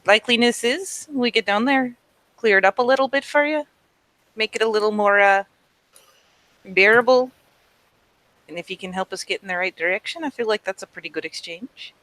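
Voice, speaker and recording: A woman speaking in character at a tabletop game, with a casual, folksy way of talking and plenty of filler words. Her voice sits at a middling pitch and sounds dry and close. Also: normal speed, long pauses, a bit bright, no room sound, rough recording. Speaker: player. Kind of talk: in-character role-play.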